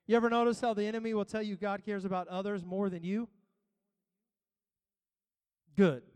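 A man's voice: high-pitched, little pitch movement, moderate pace, darkish tone, clean tone, in a large hall. A man preaching a sermon as pastor, building emphasis through repetition. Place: church.

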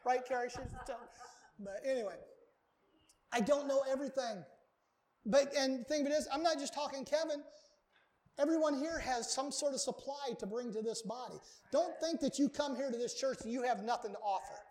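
A man's voice: very high voice, fairly quick, a little mellow. A male pastor preaching a sermon to his congregation, earnest and emphatic, repeating key words for weight. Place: church sanctuary.

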